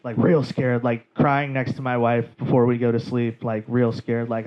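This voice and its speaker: A male stand-up comedian telling a story on stage in a comedy club, in an animated, profane way, slipping into quoted voices. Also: mid-range voice, moderate pace, few pauses. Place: comedy club stage before a live audience. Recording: dull live club recording with audience laughter.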